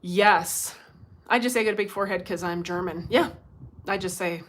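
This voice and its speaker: A woman's voice: mid-range voice, normal speed, fairly bright tone. A middle-aged woman, a psychic medium, chatting casually on a livestream, laughing often and swearing bluntly.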